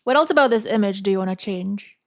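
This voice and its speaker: A woman with a medium-pitched, animated voice chats casually on her live stream, thinking out loud to her chat in a halting way and repeating words as she goes.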